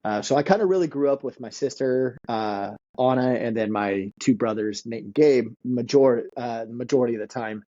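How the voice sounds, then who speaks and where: Male guest in his 30s, mellow tone, laughs through his stories, dull recording. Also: medium pitch, moderate pace, few pauses. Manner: laughs often, animated when telling stories. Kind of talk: casual storytelling.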